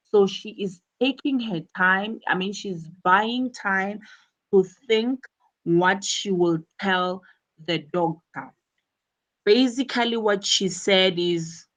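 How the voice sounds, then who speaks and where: A woman's voice: lowish voice, slow, rough recording. A woman teaching English, explaining a textbook dialogue and repeating her points as she goes.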